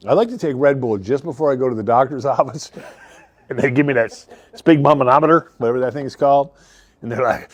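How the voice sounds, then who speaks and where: A man, a car dealership owner rambling through a joking commercial pitch and laughing at his own jokes. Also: fast talker, dry recording. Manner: rambling, laughs often, self-interrupting. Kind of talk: joking improvised commercial spiel.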